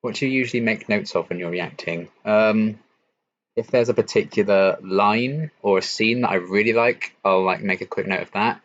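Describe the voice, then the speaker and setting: A young man from England hosting a casual late-night live-stream Q&A, answering chat in a relaxed, chatty way with lots of ums and likes. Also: on the low side, normal speed. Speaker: YouTube reaction channel host. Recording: slightly dull lo-fi stream audio.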